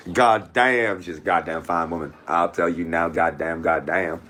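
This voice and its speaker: Brash bloke, middle-aged, lowish voice, crude rambling boasts, laughs a lot. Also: male voice, steady tone, normal speed, background noise. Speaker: YouTuber on a live stream. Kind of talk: boastful casual chat with friends.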